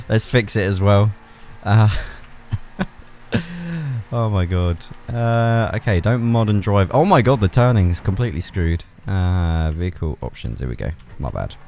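A young man talks over his gameplay in a low but wildly animated voice. He gets excitable, laughs a lot and swears freely as he goes. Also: slight background noise. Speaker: gaming YouTuber. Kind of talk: gameplay commentary.

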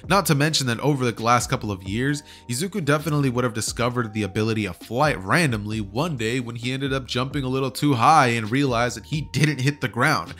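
A man's voice: medium pitch, fairly quick, few pauses, a bit bright. Chatty young-sounding man telling a fan story. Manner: chatty, slangy, keeps asking "right?". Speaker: YouTuber.

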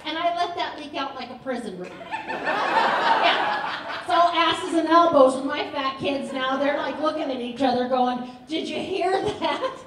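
A woman with a high voice performs stand-up on a theater stage, talking in a chatty, dry storytelling style. Her voice reaches the mic from a distance and rings around the room. Loud audience laughter fills the room behind her. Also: a little slow, roomy sound, noisy background. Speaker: stand-up comedian. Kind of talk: live stand-up set.

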